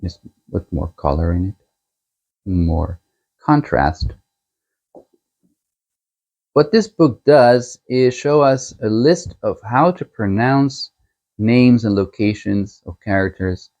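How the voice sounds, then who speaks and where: Slow, low-voiced man reviewing books. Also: expressive, a little mellow, highs cut off. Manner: unhurried, chuckling, thinking aloud. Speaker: book channel host. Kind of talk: casual book unboxing and review.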